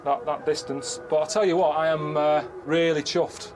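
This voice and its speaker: Grumbling, deadpan English man. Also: on the high side, normal speed. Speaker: travel show presenter. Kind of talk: casual to-camera travel commentary. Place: outdoors in a busy street. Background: music.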